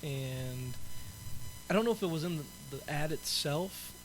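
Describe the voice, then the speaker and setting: Man, casual podcast co-host, a touch higher-pitched, rambling recaps, faint hum behind. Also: animated, measured pace, rough recording. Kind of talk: casual chat.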